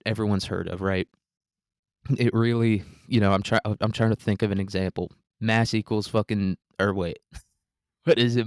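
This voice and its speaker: A man's voice: fairly low pitch, dry recording, studio quality. A young man hosting a casual solo podcast, rambling and self-deprecating, swearing often and calling the listener "dude". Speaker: podcast host.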